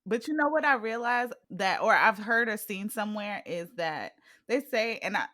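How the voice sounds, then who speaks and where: A woman's voice: mid-range voice, expressive, normal speed, sharp tone, no room sound, studio quality. A woman in her thirties hosting an interview, chatty and thinking aloud as she asks questions, laughing often. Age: 30s. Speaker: podcast host. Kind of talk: casual interview chat.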